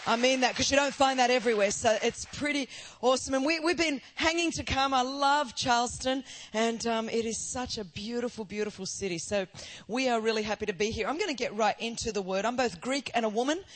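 A middle-aged woman with an Australian accent, preaching as a guest speaker in a fast, lively, joking manner. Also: on the high side. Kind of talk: sermon.

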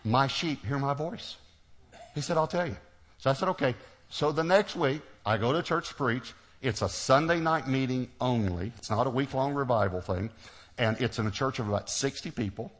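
A middle-aged man preaching to a congregation, telling a personal story, acting out the dialogue and laughing often. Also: fairly low pitch. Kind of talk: sermon storytelling.

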